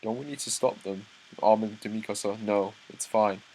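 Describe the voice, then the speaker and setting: Young male reactor with a low voice who reads panels aloud and trips over words. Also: moderate pace, slight background noise, poor audio. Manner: reads dialogue aloud, breaks off into excited asides, stumbles and restarts. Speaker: manga reaction host. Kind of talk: live reaction read-through.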